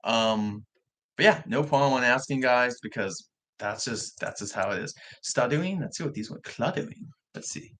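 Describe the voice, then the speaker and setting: A young man whose R's come out soft, like W's, chatting casually on a livestream vlog with frequent restarts. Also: mid-range voice, normal speed. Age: young adult. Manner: rambling, self-correcting talk with frequent restarts. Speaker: livestream vlogger.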